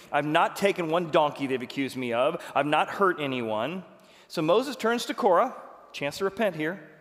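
A man preaching a sermon as pastor, retelling a story dramatically, acting out the quoted lines and swinging from loud to hushed. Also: medium pitch, long reverb tail.

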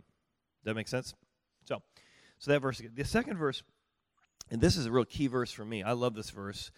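A middle-aged man speaks as a pastor, teaching in a chatty, down-to-earth way and checking in with his listeners through questions. His voice sits at an ordinary pitch. The recording is dry, with the sound close and free of room echo. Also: animated, normal speed. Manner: conversational, folksy, asks the audience rhetorical questions. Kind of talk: teaching talk on marriage and listening.

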